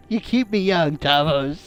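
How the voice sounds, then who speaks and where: Playful, giggly male game streamer. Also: on the high side. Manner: playful and jokey, laughs often, mock-dramatic asides. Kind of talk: casual let's-play commentary.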